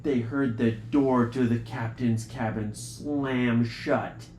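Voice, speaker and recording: A man telling an improvised bedtime adventure story to children, jumping into voices for the characters. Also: takes it slowly. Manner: animated, jumps into high voices for characters. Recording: echoey room, faint hiss.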